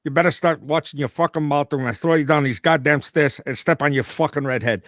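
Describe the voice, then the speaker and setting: A man's voice: a little high, fairly even intonation, fast talker, fairly bright tone, dry recording, studio quality, voice pushed up, close to an everyday voice. A man doing an impression of a swaggering, profane gangster-type older man. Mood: menacing.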